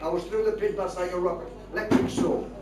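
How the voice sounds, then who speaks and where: A man's voice: high voice, fairly even intonation, quick pace, warm tone. An older man with a Northeast English accent telling comic stories to a live crowd, chatty and laughing at his own jokes. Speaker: comic storyteller and spoon player. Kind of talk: stand-up storytelling to a live crowd. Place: hall with live audience. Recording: roomy hall mic from far off, crowd.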